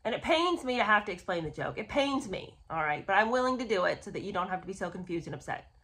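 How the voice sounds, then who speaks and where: A woman hosting a casual book review, talking in an animated, sarcastic way with exasperated asides. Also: medium pitch, fast talker. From United States. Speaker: host.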